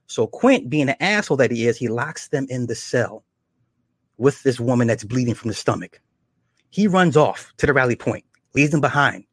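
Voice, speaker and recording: A man casually retelling horror episodes, slipping into quick acted quotes and chuckles. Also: medium pitch, expressive, dry recording, clean studio sound. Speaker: show reviewer.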